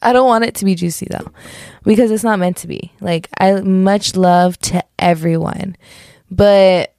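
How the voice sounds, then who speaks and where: This young adult woman hosts a solo podcast in a casual, rambling style, giggling, correcting herself, and laughing things off as jokes with plenty of "like" and "just kidding." Her medium-pitched, dark voice stays steady at a measured pace. The recording is dry and studio-clean.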